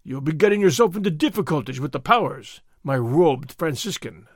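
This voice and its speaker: A man voicing a loud, blustering soldier sergeant. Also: a little high, expressive, normal speed, no room sound, clean studio sound. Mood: bullying. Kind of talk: audiobook character reading.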